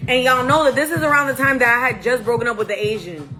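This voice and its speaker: Woman, a bit high-pitched, casual profane storytelling, livestream on a phone, music playing behind. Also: quick pace. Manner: blunt, profane, animated retelling. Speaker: livestream host.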